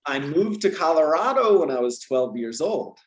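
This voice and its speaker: A man's voice: fairly high pitch, moderate pace. Chatty American man in a roomy space. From Georgia, US. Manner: animated, self-correcting with fillers and laughs. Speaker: language teacher guest. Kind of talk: casual conversational advice.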